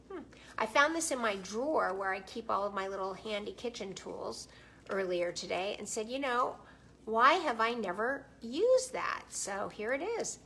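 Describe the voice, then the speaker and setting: A woman's voice: mid-range voice, noisy background. Chatty woman cooking live at home. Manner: chatty, talks to viewers while cooking. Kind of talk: live-streamed cooking demo. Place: home kitchen.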